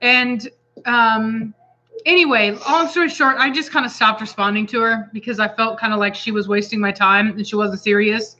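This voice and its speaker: A woman with a Texan accent, a dog breeder co-hosting a casual chat, telling a rambling, animated story full of quoted asides. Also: a little high, moderate pace, highs cut off.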